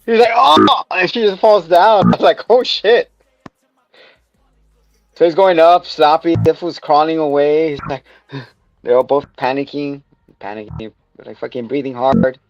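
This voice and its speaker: A man's voice: a little high, moderate pace, a little mellow, no echo. A man co-hosting a podcast, recapping a show in casual chat, rambling and swearing as he acts out scenes. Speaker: podcast co-host. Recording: dull lo-fi sound with music behind.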